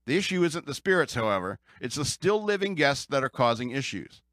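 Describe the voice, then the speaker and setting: A man's voice: medium pitch, sing-song, fairly quick, a bit bright, dry recording, clean studio sound. A man with an American accent, chatting casually about the news as a podcast host, rambling and joking, often laughing and restarting his sentences.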